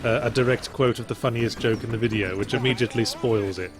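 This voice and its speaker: A man in his thirties talks in a dry, wry tone, weighing in with firm opinions on a game stream. His voice sits at an ordinary middle pitch, with soft game music underneath. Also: steady tone, fast talker. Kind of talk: casual chat.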